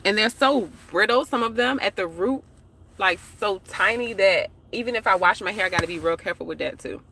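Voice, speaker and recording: A chatty woman from the United States goes live from her parked car, her voice bright and forward. She talks straight to her viewers in loose, slangy asides. A phone mic catches her over a faint hum of traffic. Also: mid-range voice, a little fast, vocal fry. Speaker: live-streaming vlogger. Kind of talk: casual live-stream chat.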